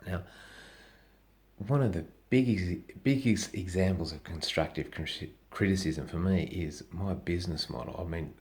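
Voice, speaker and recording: Middle-aged aussie bloke ranting, swears every other word, really low gravelly voice. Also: male voice, moderate pace, a little mellow. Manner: swears constantly, rambling and blunt. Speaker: comedian vlogger. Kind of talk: profane casual rant.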